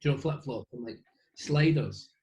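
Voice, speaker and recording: Husky Scottish man rambling jokily. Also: mid-range voice, normal speed, darkish tone, poor audio. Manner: self-deprecating, jokey, trailing restarts. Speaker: interview guest. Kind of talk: rambling casual chat. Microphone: video call webcam.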